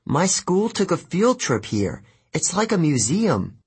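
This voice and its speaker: A man voicing a clever, determined teenage girl who speaks firmly and matter-of-factly, with a husky voice. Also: on the high side, sing-song, measured pace, pitched above the performer's own voice, exaggerated voice.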